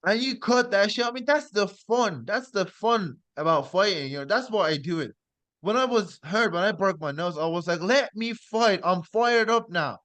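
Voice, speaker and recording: Young male podcast host, high voice, excitable, blunt, swears a lot, dry sound. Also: normal speed, no echo. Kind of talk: casual podcast interview.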